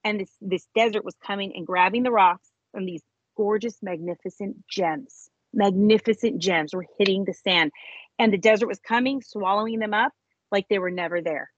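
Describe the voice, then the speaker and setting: Woman guest, husky, emotional storyteller; slightly dull recording. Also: moderate pace, no echo. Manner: animated storyteller, voice jumps high when reenacting. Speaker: interview guest, author. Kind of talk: emotional personal testimony.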